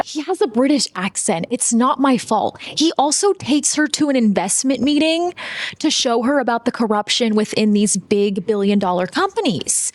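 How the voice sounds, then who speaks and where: A woman's voice: fairly high pitch, lively intonation, moderate pace, no echo. Young woman host, casual recap, chatty with dry sarcastic quips, close dry sound. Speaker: video host. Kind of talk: casual film recap commentary.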